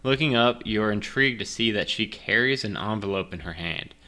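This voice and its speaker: Game master, male, low-ish bright voice, casual and rambling, self-deprecating, drinking a bit. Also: fairly quick. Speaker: game master playing a solo gamebook. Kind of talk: casual chat and reading game narration.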